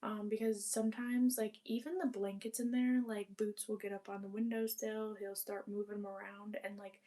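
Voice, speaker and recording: A woman's voice: medium pitch, little pitch movement, normal speed, dark tone. A young woman chatting casually while cleaning her apartment, rambling with lots of fillers and casual swearing. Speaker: vlogger.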